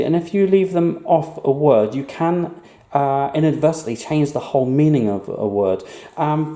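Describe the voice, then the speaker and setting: Male language teacher, patient and clear, mellow tone, roomy echo. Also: on the high side. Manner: clear, patient explaining with slow repeated words. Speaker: Spanish teacher. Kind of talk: online language lesson.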